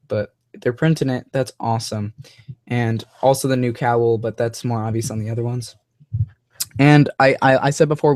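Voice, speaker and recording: A man's voice: medium pitch, darkish tone, dry recording. A young man hosting a live stream, chatting casually and rambling with many fillers and restarts. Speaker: host of a live toy-review show.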